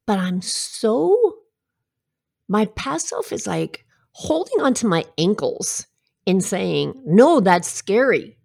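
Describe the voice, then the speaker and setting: A woman's voice: medium pitch, wildly swooping pitch, slow, vocal fry, darkish tone, slightly rough. A middle-aged woman giving a heartfelt, reflective personal talk and telling stories with asides. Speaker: self-help speaker.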